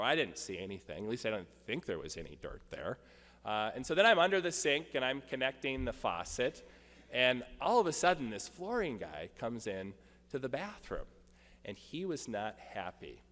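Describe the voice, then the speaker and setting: A man's voice: mid-range voice, a bit bright. A male pastor preaching a sermon, telling a personal story with light humor. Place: church sanctuary. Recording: long church reverb.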